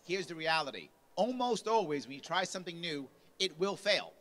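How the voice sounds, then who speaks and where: A man's voice: on the high side, animated, moderate pace, fairly bright tone. A man giving a punchy motivational speech at a party convention, acting out quotes with a raised voice. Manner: punchy, acts out quotes with rising volume. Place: convention lunch hall.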